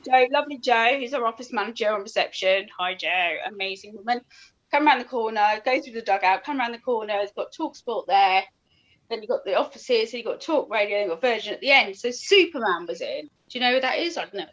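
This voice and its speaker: Bubbly high-voiced woman, laughing. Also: lively intonation, quick pace, fairly bright tone. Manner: bubbly, laughing, rambling storyteller. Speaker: radio presenter guest. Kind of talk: casual chat. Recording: dull lo-fi audio.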